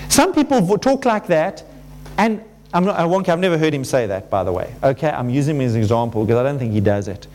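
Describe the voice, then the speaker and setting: A male pastor preaching a conversational sermon, animated and full of restarts, acting out the voices people use with themselves. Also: on the high side, fast. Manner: animated, acts out quoted inner voices. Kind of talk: sermon to a congregation.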